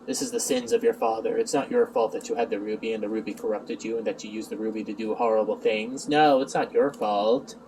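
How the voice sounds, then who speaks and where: A man voicing a gloomy, brooding male lord of dreams in a slow, solemn tone, recorded on a distant mic. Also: lowish voice, steady tone, darkish tone, slight background noise, pitched below the performer's own voice, close to an everyday voice. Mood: consoling.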